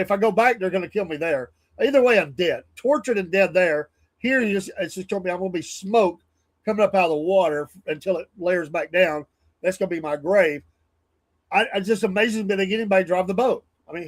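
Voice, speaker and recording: Male host, fairly high voice, rambling casual political commentary, chuckles often.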